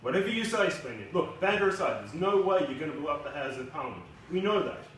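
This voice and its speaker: Dry, dismissive young male hero, read by the author; lively pitch, far from the mic, big echo. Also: fast talker, slight background noise. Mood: exasperated. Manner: dry, dismissive, bored banter. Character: sardonic young male London superhero. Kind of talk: author reading aloud. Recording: echoey room from a distance.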